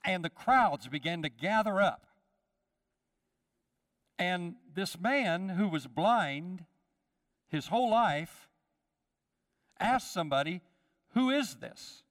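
A man's voice: high-pitched, lively intonation, takes it slowly, long pauses, a bit bright. A man preaching a sermon to his congregation, calling out to them and acting out the voices in the story. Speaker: pastor. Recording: long hall reverb.

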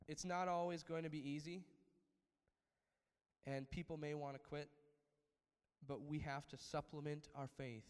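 A male pastor preaches a sermon in a fairly high voice, often asking his listeners for an amen. His delivery swells to emphatic peaks before settling back down. The sound carries a long reverb, as if recorded in a large hall. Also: clear, resonant tone.

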